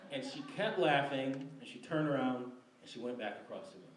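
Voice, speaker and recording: A man's voice: mid-range voice, animated, moderate pace, few pauses. A man in his forties from Michigan telling a wry personal story to a live audience, laughing between lines. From Michigan, USA. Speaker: storyteller on stage. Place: library event room before an audience. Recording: roomy live recording from a distance.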